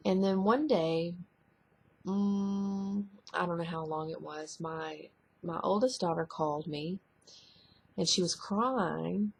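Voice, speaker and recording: A middle-aged woman sharing a personal testimony to camera, halting and soft-spoken, often trailing off. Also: fairly low pitch, vocal fry, breathy edge.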